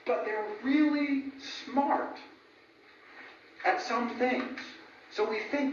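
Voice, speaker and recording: Guy with a high voice lecturing casually, laughs at his own jokes, mic far off in a big echoey room. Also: moderate pace, a little hiss or hum. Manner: animated, asks "right?" often, laughs at his own jokes. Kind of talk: informal lecture. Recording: echoey room from a distant mic, dull sound.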